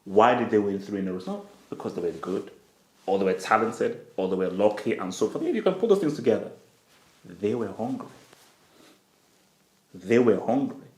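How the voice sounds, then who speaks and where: Animated man doing playful football talk. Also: on the low side, moderate pace, pauses often, echoey room. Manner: playful, acts out imagined conversations, swings from whispers to yelps. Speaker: football channel host. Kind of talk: comedic football commentary monologue.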